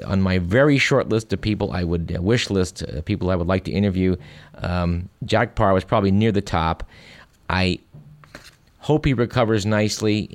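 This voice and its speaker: A man's voice: sits low, dry recording. A man hosting a radio show, chatting wryly and reading listener emails aloud. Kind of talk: casual radio commentary.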